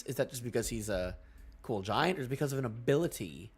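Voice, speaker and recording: A young man reviewing a manga chapter on a casual live stream, excitable and full of fillers. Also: medium pitch, fast, husky. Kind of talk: casual live reading and reaction.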